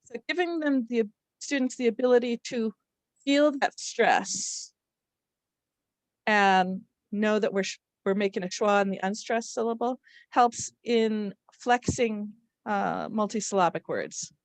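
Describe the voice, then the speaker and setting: A woman's voice: mid-range voice, animated, a little slow, no echo. A woman literacy instructor leading a live workshop, explaining patiently and demonstrating word stress aloud. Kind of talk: live online workshop teaching.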